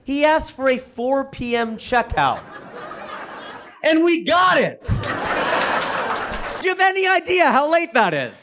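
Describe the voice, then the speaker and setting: An American man doing a stand-up set, telling stories with animated, punchy delivery and big emphatic swings. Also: very high-pitched, slow pace, pauses often, background noise. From United States. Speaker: stand-up comedian.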